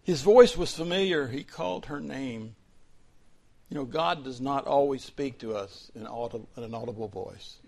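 A male pastor preaching a sermon, dropping to soft whispers and then rising to loud, fervent emphasis. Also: fairly low pitch, husky.

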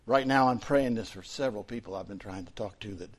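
A male pastor preaches a sermon, sinking to soft whispers and then climbing to loud, fervent emphasis. His voice is on the low side, and he talks fast.

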